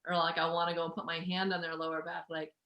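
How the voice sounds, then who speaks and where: A woman hosts a relaxed conversation, eagerly affirming what she hears. Her voice sits a little low, and the sound carries a noticeable room echo. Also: fast talker, highs cut off. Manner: warm, affirming, enthusiastic. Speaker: podcast host. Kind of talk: casual conversation.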